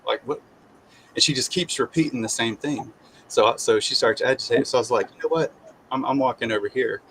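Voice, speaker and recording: A man of middle pitch tells a personal story in an easy, conversational way. He acts out what people said, and he often circles back and restarts his lines. A faint hiss sits behind his voice. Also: fairly quick, low-quality recording. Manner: animated, acts out quoted voices, repeats and restarts. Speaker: guest sharing his testimony.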